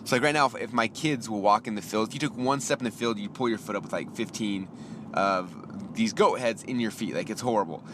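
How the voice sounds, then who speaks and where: A man's voice: fairly low pitch, noisy background. A man hosting a podcast, telling a story in a casual ranting monologue and acting out both sides of the conversation. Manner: gets heated and fast when exasperated. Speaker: podcast host. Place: inside a car.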